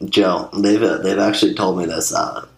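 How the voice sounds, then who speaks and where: Young man, very low voice, laid-back banter full of swearing, roomy sound with light noise. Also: steady tone, normal speed, gravelly. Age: young adult. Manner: laid-back, swears a lot, says dude often. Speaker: former camp counselor. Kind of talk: casual chat.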